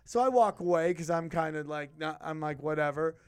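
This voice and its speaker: A man with a high voice spins a rowdy anecdote on a podcast. He swears freely and jumps into loud, animated impressions of the people in his story. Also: a little fast, clear, resonant tone. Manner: animated, profane anecdote-telling with loud acted quotes. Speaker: podcast guest. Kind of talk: casual storytelling.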